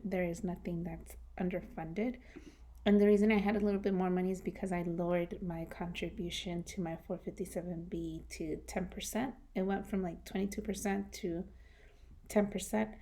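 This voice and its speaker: A woman losing her voice talks through her monthly budget in a casual, soft-spoken way, sometimes dropping to a whisper, on a new microphone. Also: medium pitch. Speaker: personal finance vlogger.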